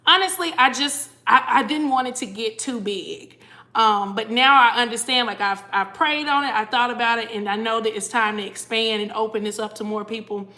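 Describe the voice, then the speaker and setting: A woman's voice: on the high side, normal speed, sharp tone. A tired woman chatting casually on a livestream, greeting viewers by name and reading their comments aloud. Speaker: cruise vlogger hosting a livestream.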